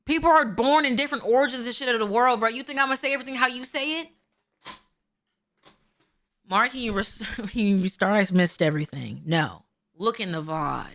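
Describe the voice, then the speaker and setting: A woman's voice: a little high, fairly quick. Profane ranting woman streamer. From Seattle, USA. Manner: blunt, profane, animated ranting. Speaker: game streamer. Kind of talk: live gameplay commentary. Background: game music.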